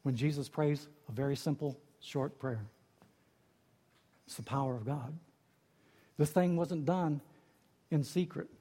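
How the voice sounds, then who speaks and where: A man delivers a sermon as a pastor, swinging from low, quiet lines up to high, ringing emphatic cries. His voice sits a little high and carries a slight husk. Long reverb trails behind him as in a large hall. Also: husky.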